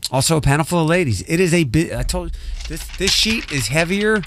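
A man's voice: a little high, animated, brisk, fairly bright tone, no echo. Rambling male radio host, dry sound. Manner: rambling, self-interrupting, reads show rundown. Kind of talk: casual morning radio chat. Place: radio studio. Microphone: studio microphone.

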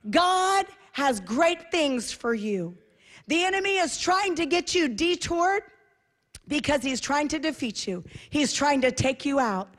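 A woman preaching a sermon as host, emphatic and repetitive, dropping to a soft voice at times. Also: sits high, lively intonation, a little slow. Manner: emphatic, repeats phrases, drops to soft voice for quiet parts.

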